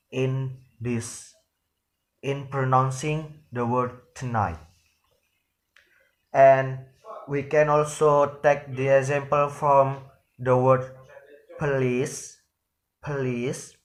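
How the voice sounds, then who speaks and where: Slow, halting man explaining phonology. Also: mid-range voice. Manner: halting, repeats words and restarts often. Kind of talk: spoken lesson on phonology.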